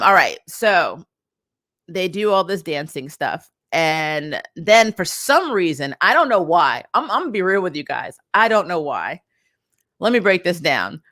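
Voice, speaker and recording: Bright-voiced woman ranting about a tv episode, laughs a lot, dry close sound. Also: lowish voice, no echo. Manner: animated, laughing, exasperated asides. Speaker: TV review vlogger. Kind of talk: casual spoken TV review.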